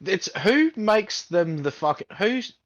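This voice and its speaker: A man's voice: sits high, sing-song, slow, no room sound, lo-fi sound. A man co-hosting a casual podcast chat, ranting heatedly with heavy swearing. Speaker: podcast co-host.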